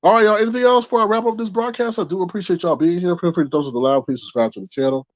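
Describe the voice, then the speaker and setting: A man's voice: high-pitched, racing, no room sound. Man, livestream commentary host, blunt and chatty, dry muffled mic.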